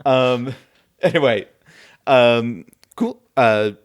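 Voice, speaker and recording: A man's voice: mid-range voice, drawn-out words. A man hosting a podcast in casual chat, hesitant and full of filler sounds, chuckling often. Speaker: podcast host.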